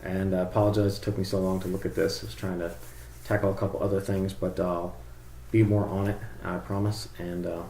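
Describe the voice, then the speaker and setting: A man's voice: low voice, little pitch movement, brisk, vocal fry, mellow, roomy sound, slight background noise. A man casually talking through a screen-share tutorial, rambling and thinking aloud with fillers. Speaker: drone tuning reviewer.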